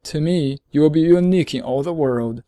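Storybook fox read by a man: wise, lonely, patient, a touch higher than plain talk, dry close sound. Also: warm tone, no room sound, close to an everyday voice. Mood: earnest. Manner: earnest, measured, explaining slowly. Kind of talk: storybook reading.

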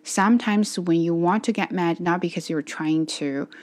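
A tired woman talking in a casual personal vlog, earnest and self-reflective, speaking in halting phrases as she practices her English. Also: on the low side, darkish tone. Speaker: channel host practicing English.

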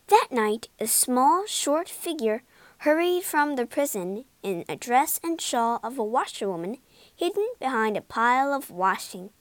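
A woman reading a children's storybook aloud in an expressive, deliberate way. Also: high voice, dry recording. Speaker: narrator. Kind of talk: storybook read-aloud narration.

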